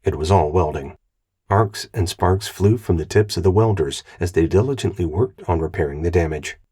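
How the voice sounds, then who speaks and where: A man reading an audiobook aloud in an even, measured narration. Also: sits low, slightly rough. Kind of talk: scripted narration.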